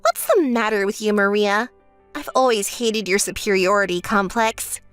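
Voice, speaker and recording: A woman's voice: normal speed, fairly bright tone, clear, resonant tone, no echo, soft background music, natural voice. A woman voicing a spoiled, self-centered young bride who bosses her sister around, in a texting-story voice-over. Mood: smug. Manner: whiny, bossy, shrill when angry.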